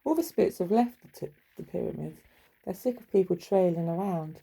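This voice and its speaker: Gravelly, husky woman rambling. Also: lowish voice, lively intonation, a little fast, dark tone, rough recording. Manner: chatty, wry, swears freely, laughs at own asides. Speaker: vlogger. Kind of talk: rambling casual monologue. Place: home bedroom.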